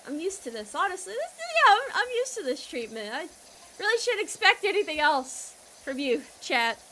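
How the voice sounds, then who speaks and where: A young woman with an American accent streaming a game, talking to her chat in a loud, playful, teasing way. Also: high-pitched, sing-song, normal speed, a little hiss or hum. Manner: playful, loud and teasing with chat, trailing into quiet mock apologies.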